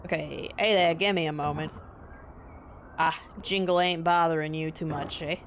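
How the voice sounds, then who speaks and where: A woman voicing a gruff rustic male fisherman in a video game, talking in a folksy dialect full of "eh" and "ye". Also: sits low, steady tone, moderate pace, slight background noise. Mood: friendly.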